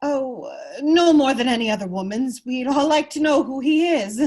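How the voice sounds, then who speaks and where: A woman's voice: high-pitched, expressive, normal speed, a little mellow. A woman reading the part of a frustrated, disillusioned young noblewoman at a virtual table read of a radio play, earnest and exasperated. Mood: wary. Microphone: video call.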